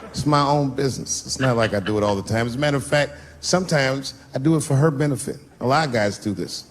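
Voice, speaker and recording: A middle-aged man doing stand-up comedy storytelling on stage, acting out characters and jumping into high shouts. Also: fast talker. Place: large venue on stage. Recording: live stand-up with laughing crowd and noise.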